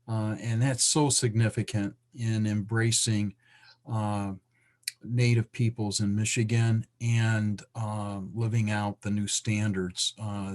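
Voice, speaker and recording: A man attending a session, speaking earnestly and hesitantly on a video call, with many pauses. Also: fairly low pitch, darkish tone. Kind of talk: casual chat.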